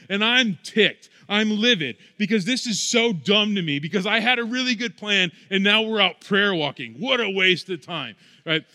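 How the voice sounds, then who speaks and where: A man's voice: high voice, fairly quick, few pauses, pushed and bright. A young adult man preaching a sermon as a pastor, in a conversational, self-deprecating storytelling manner, in a church sanctuary. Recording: long hall reverb.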